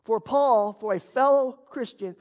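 At a measured pace, a pastor with an extremely high voice works through a Bible passage in his sermon. Earnest and emphatic, he presses his points with rhetorical questions; the sound is echoey, dull, and lo-fi.

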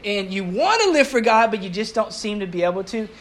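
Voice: medium pitch, lively intonation, brisk. Conversational pastor preaching a sermon. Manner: conversational preaching with rhetorical questions to the audience; light humor. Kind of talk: sermon to a congregation.

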